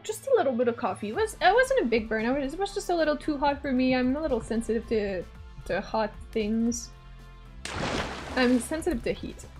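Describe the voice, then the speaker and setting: A young woman from Canada, a streamer telling a story in a casual, animated way, swearing and laughing often. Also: on the high side. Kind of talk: casual storytelling while gaming.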